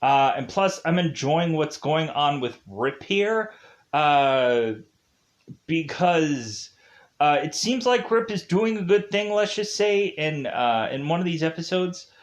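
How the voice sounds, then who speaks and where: A man's voice: on the high side, animated, takes it slowly. A man giving a casual spoiler review of a TV show, rambling with many fillers and frequent laughs.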